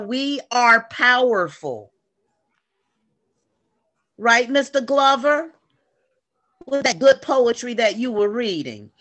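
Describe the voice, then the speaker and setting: Woman going off on a story on a zoom call, voice goes up n down a lot, says y'all. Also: on the high side. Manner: animated, preachy, uses y'all. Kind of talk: lively storytelling to a video call. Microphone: video call.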